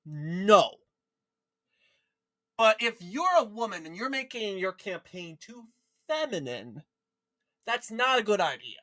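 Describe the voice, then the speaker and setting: A man's voice: high voice, very animated, slow, pauses often, bright, forceful tone. A man from Minnesota giving an opinionated political rant, indignant and combative, firing off rhetorical questions. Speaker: political commentator.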